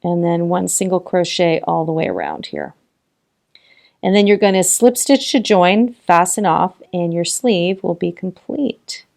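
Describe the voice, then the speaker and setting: A woman's voice: fairly low pitch, big pitch swings, measured pace, vocal fry, darkish tone. A woman hosting a casual crochet tutorial, talking through each step, counting stitches aloud and encouraging viewers with frequent laughs.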